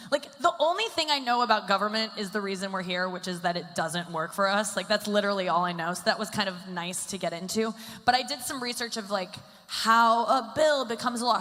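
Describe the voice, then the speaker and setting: A woman in her thirties performs stand-up on stage before a live audience, rambling and self-deprecating and saying "like" a lot. Her medium-pitched voice is bright and forceful, with long hall reverb and faint ambience around it.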